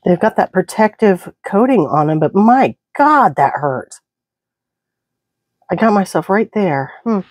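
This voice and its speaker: A woman's voice: fairly low pitch, animated, unhurried, pauses often, a little mellow, no room sound. A woman with a Southern US accent hosting a crafting video, chatting casually and mumbling asides to herself as she works. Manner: chatty, talks to herself while working, some mumbled asides. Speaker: crafting channel host.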